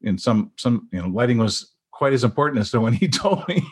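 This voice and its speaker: A man's voice: mid-range voice, big pitch swings, a little fast. A man chatting casually, stammering and repeating words as he tells stories about working with lighting artists. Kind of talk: casual anecdote chat.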